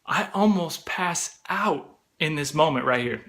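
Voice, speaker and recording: A young man spins a comic story about himself in a loose, chatty way, sprinkling in "like" and "bro". His voice sits high for a man and has a bright, forceful edge. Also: a little slow. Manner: animated, chatty, peppered with "like" and "bro".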